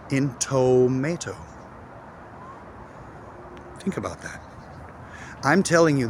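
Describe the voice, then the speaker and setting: A man teaching English pronunciation in a casual video lesson, speaking emphatically and repeating words slowly as drills. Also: a little high, a little hiss or hum.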